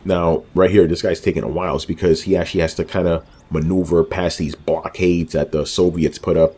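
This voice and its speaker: A man's voice: low-pitched, level tone, a little fast, warm tone, faint music behind. A man giving casual commentary over a video game walkthrough, rambling loosely with lots of fillers and joking asides about himself.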